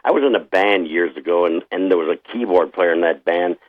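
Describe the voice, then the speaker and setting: Husky low-voiced older New York man. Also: a little fast, no room sound, phone-quality sound. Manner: repeats words, easygoing storyteller. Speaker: band singer, guest. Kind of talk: casual interview chat.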